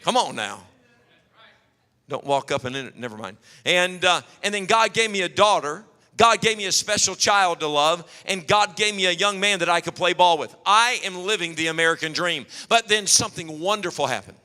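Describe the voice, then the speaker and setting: A man preaching a sermon, telling animated stories and acting out quotes. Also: high-pitched, normal speed. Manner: storytelling, animated, acts out quotes. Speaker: pastor. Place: church hall. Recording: long hall reverb.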